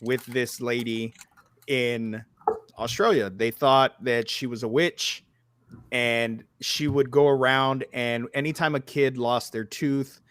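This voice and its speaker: A man's voice: medium pitch, no room sound, clean studio sound. A man in his thirties hosting a podcast, chatting casually and telling stories, with lots of swearing and filler words. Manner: animated storytelling, swears freely, lots of "like". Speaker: podcast host. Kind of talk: casual chat.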